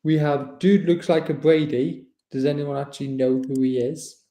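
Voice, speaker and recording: A man from the UK hosting a podcast in casual chat, running through names briskly. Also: on the high side, fairly even intonation, warm tone, reverberant. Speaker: podcast host.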